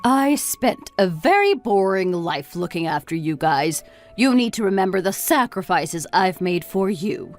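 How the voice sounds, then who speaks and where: A woman's voice: medium pitch, sing-song, a little slow, faint music behind. A woman voicing a weary middle-aged mother who lectures her grown son reproachfully. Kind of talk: story narration dialogue.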